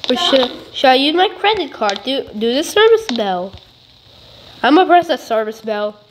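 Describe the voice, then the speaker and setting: A young girl with a high, bright voice chatters playfully through a game, repeating herself and goofing around. A clear hiss of background noise runs under the recording. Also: sing-song, normal speed. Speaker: gamer. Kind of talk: playful gameplay commentary. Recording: noisy home recording.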